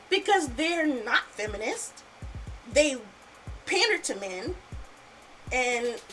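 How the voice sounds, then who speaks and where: A woman's voice: high-pitched, pushed and bright, low-quality recording. A woman hosting a casual podcast, angry and swearing freely, repeating her points. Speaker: podcast host.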